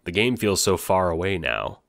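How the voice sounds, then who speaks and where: A man narrating an audio drama in the second person, moving between hushed dread and panicked cries. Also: deep voice, very animated, moderate pace, gravelly, dry recording, clean studio sound. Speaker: narrator and voice actor.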